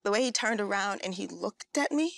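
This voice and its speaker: A woman's voice: medium pitch, expressive, a little fast, gravelly, dry recording. A woman sharing an earnest personal testimony as a talk show guest, storytelling and acting out what people said. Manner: earnest, storytelling, acts out quoted voices.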